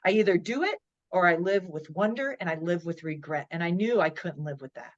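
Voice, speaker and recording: A woman in her forties, a guest on a podcast interview, telling a personal story in a lively way and acting out her own inner thoughts. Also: on the low side, fairly quick, dull audio. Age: 40s. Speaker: podcast guest, motivational speaker.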